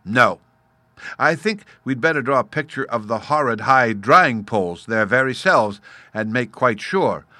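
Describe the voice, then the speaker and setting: A man's voice: mid-range voice, animated, unhurried, sharp tone, no echo. A man reading a storybook and voicing a patient, playful caveman father who explains things step by step. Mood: explaining.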